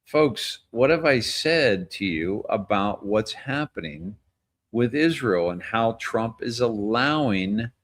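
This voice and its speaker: A man hosting his own show in casual political commentary, rambling, blunt and profane, breaking into chuckles often. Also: mid-range voice. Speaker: host.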